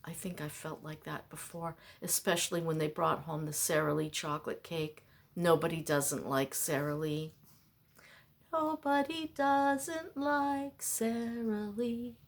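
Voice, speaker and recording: A woman's voice: low voice, little pitch movement, moderate pace, vocal fry. A woman vlogger delivering a rambling, exasperated, self-mocking monologue.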